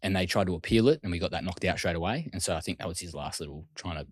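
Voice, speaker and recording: A deep-voiced Australian man tells a story at a brisk pace. He talks casually and slips into quick quoted voices for other people. The sound is dry and close. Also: slightly rough, dry recording. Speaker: guest.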